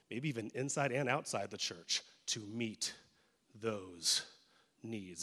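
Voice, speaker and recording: A man's voice: medium pitch, bright, forceful tone. A male pastor preaching a sermon in a church, conversational and joking with emphatic turns. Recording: echoey church hall.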